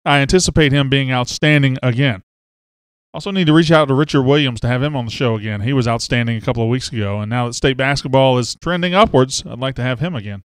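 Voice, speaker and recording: A man from Mississippi chats on his casual sports livestream and reads out viewer comments, speaking into a webcam setup. His mid-range voice moves at a quick pace, and the tone is clean with no room sound.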